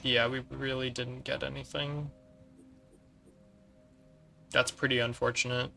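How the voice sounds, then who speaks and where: Gravelly-voiced man streaming a strategy game. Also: medium pitch, flat delivery, a little slow, bright, forceful tone, faint music behind. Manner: analytical, talks through tactics while playing; chats with viewers between moves. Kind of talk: casual gameplay commentary.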